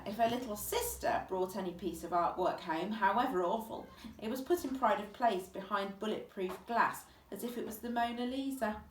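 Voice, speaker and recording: A woman reading a children's book aloud with expressive, vivid storytelling. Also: fairly high pitch, slight background noise. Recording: echoey room, distant mic.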